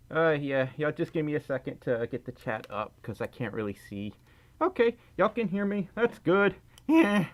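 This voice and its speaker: A man's voice: a little high, sing-song, moderate pace. A man hosting a casual livestream, rambling and self-deprecating while fiddling with his audio. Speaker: livestream host.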